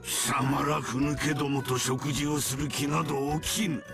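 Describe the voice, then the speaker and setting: A man's voice: medium pitch, little pitch movement, fast talker, creaky, over music, natural voice. An actor playing a domineering old male family patriarch in a game, in a commanding, theatrical voice. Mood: stern. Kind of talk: Japanese game voice acting.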